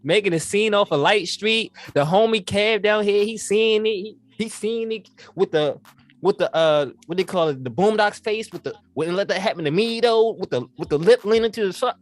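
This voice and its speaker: A man's voice: high-pitched, moderate pace, no echo. A young man on a podcast, telling a story in casual slang and acting out the quoted lines as he goes. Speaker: podcast co-host.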